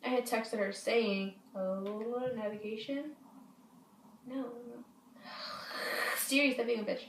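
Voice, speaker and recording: A woman's voice: on the high side, fairly even intonation, slow, distant mic, a little hiss or hum. A woman telling a story to her camera in a rambling, profane way, often restarting her sentences. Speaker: vlogger. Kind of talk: casual storytime. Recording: echoey room, voice off-mic.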